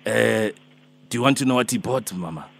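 A man's voice: lowish voice, lively intonation, a little fast, vocal fry, a bit bright, heavily acted. A man voicing a fussy, pleading elderly man who chases a debt in a prank phone call, rambling and hesitant. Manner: rambling, hesitant, calls her Mama and my darling.

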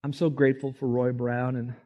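Male pastor, emphatic sermon delivery, mid-pitched voice, slightly off-mic at times. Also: level tone, brisk, mellow. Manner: emphatic preaching, voices quoted figures with rising pitch.

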